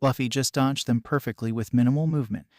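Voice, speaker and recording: A man narrating a fan story in a plain, even read-aloud delivery. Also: mid-range voice, fast talker, dry recording, clean studio sound. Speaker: fanfiction narrator.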